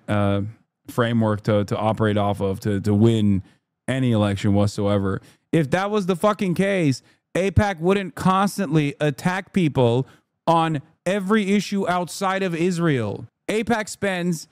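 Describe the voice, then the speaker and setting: A man's voice: on the high side, no echo, studio quality. A man streaming heated, profane political commentary, often slipping into mocking voices. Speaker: streamer reacting to news.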